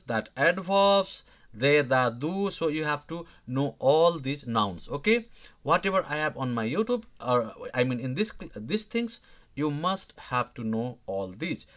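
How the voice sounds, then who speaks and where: Man teaching a halting online lesson. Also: fairly high pitch, fairly bright tone. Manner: halting, many fillers and restarts, checks in with "okay?". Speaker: language teacher. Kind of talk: live online grammar lesson.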